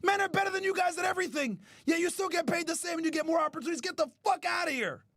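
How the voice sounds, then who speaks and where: High-pitched guy ranting and yelling, swears a lot, dry close sound. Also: very fast, no room sound. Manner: loud, profane, often shouting; mocks others in whiny put-on voices. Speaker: podcast host. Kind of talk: ranting commentary.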